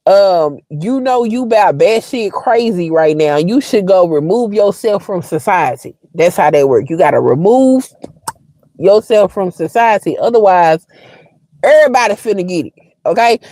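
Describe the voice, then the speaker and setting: A woman in her forties hosts a live stream and talks straight to her viewers. She is blunt and wry, swears without a second thought, and keeps her voice in an everyday middle range. The sound is dry and close, with no room echo. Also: medium pitch. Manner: blunt and frank, swears freely, wry and expressive. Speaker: livestream host. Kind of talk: casual storytelling to viewers.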